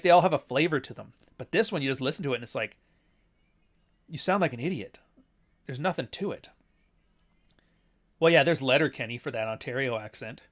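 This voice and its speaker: A man's voice: fairly high pitch, a bit bright. A man hosting a casual talk show, ranting in an offhand, profane way and chuckling between points. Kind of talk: casual chat.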